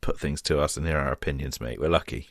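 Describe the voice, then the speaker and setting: Low-voiced easygoing podcast man. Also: fast talker, no echo, clean studio sound. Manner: easygoing, reads out listener questions, calls the other "mate". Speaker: podcast co-host. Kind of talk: casual chat.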